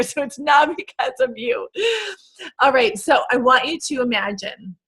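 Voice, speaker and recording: Woman, 30s-40s, podcast host. Husky, slightly high voice. Chatty, animated storyteller who laughs often. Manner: lively storyteller, laughing often, talking straight to listeners. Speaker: podcast host and coach for expats. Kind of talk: casual podcast monologue.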